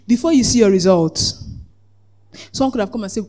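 A preacher giving a lively sermon, acting out the voices in the story, laughing often and asking the congregation whether they follow. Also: medium pitch, brisk, pauses often. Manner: asks the congregation "Are we together?".

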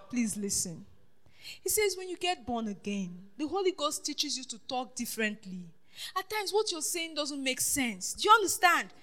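A woman preaching a sermon, questioning her congregation and swinging between loud declarations and hushed asides. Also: high voice. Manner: call-and-response questioning the congregation.

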